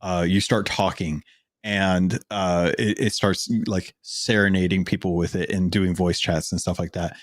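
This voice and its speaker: Podcast co-host, male, low voice, loose rambling chat, dry booth sound. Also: little pitch movement, a little slow, dry recording. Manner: rambling, many fillers and restarts. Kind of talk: casual gaming chat.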